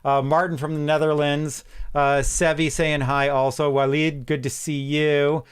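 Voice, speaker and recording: A man hosting a casual tech livestream from his home office, chatting in a relaxed way with frequent ums and restarts. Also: on the high side, unhurried, smooth. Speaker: livestream host.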